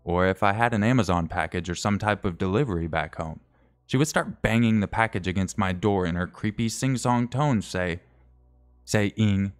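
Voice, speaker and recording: A man's voice: lowish voice, moderate pace. A man streaming, reading a scary story aloud in a casual way, correcting his slips and adding wry asides.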